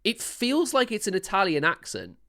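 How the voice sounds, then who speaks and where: A man's voice: high-pitched, wildly swooping pitch, normal speed, sharp tone. A man who is a singer-songwriter, giving casual, enthusiastic commentary while reacting to a song, rambling with many restarts. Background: song playing faintly.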